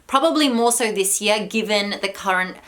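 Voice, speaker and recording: A woman speaks straight to her viewers in an advice vlog, warm and encouraging. She sounds a little out of breath, with a voice of middle pitch. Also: moderate pace. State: slightly out of breath. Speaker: vlogger and spiritual coach. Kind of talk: direct-to-camera advice vlog.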